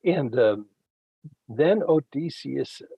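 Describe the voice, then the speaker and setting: A man, a Bible scholar guest, retelling ancient stories in an unhurried conversational way with frequent fillers. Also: medium pitch, lively intonation, creaky, warm tone, husky, dry recording, lo-fi sound. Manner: unhurried storytelling, frequent fillers, acts out quoted characters.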